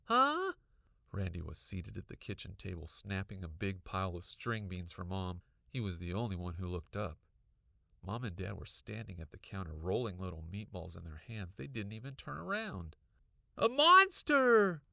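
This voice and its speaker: Casting: male audiobook narrator, lively storybook reading, gravelly low voice, bright tone. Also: moderate pace, dry recording, studio quality. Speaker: audiobook reader.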